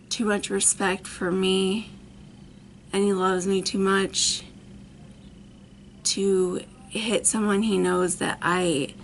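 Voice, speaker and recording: A woman's voice: medium pitch, creaky, a little hiss or hum. A woman in her thirties telling a personal story as a vlogger, rambling with many fillers. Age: 30s. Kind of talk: storytime monologue.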